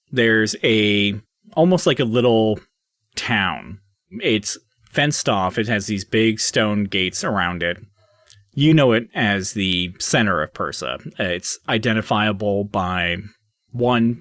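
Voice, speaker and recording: A man narrating a tabletop game as its game master, loose and meandering, full of little fillers. His voice is on the low side, recorded close and dry. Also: no room sound. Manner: loose and hesitant, many fillers.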